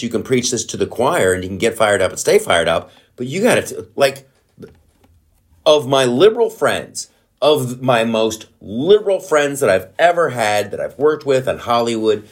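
A middle-aged man hosting a comedy podcast, ranting in a profane, worked-up way and breaking into loud outbursts. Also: mid-range voice. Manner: mumbling around a guitar pick in his mouth. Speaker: podcast host. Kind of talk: casual comedic political rant.

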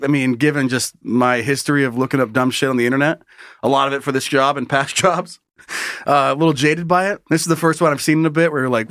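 A man's voice: mid-range voice, fairly bright tone, dry recording, studio quality. A man co-hosting a podcast in crude, joking chat, loose and profane, who keeps slipping into mocking voices. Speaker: podcast co-host.

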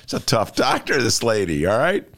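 A man's voice: mid-range voice, wildly swooping pitch, moderate pace, vocal fry, fairly bright tone. A man hosting a casual radio talk show, telling rambling jokey stories and acting out other people's lines. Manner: rambling, jokey storyteller with voiced asides. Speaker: host.

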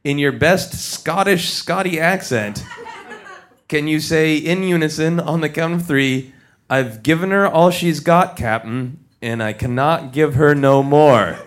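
A man's voice: on the high side, a bit bright, a little hiss or hum. A man hosting a live podcast on a theater stage in front of an audience, upbeat and jokey. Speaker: podcast host.

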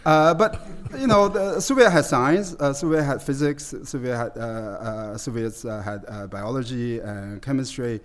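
In a conversational interview, a guest expert with a mid-range voice gives long explanations. He stumbles along, full of fillers and frequent restarts.

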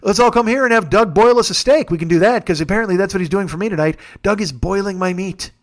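A man with a slightly high voice rambles through a comedic podcast monologue. He talks casually and sarcastically, swears freely, and often stops to correct himself. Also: fast talker. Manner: profane, rambling, sarcastic storytelling. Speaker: podcast host. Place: rented home, recording on travel.

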